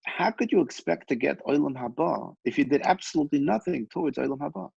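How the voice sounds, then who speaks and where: A man's voice: fairly high pitch, animated, fast, creaky, darkish tone, husky, no echo, lo-fi sound, pitched above the performer's own voice, full character voice. A man voicing an old sage rabbi in a retold story, earnestly admonishing a guest. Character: old sage rabbi, stern but caring.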